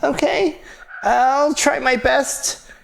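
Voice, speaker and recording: A man's voice: very high voice, steady tone, drawn-out words, vocal fry, fairly bright tone, voice pushed up, full character voice. A man voicing a shy, hesitant young boy mage in a raised voice. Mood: timid.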